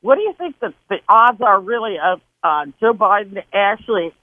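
A woman's voice: medium pitch, expressive, normal speed, no room sound. Rambling woman caller on a phone line. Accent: Wisconsin and Southern mix. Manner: hesitant, apologetic, rambling. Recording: tinny dry phone line.

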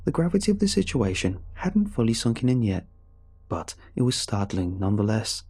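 A man reading a scripted horror story in a measured, somber way. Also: medium pitch, sing-song, a little mellow, slightly rough. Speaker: narrator. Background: faint music.

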